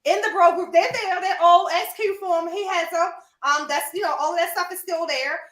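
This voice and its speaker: Woman host, animated storyteller who laughs a lot and speaks straight to her audience; high voice, echoey room. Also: normal speed. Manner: animated, laughing, addresses listeners as y'all. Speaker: podcast host. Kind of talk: casual storytelling chat.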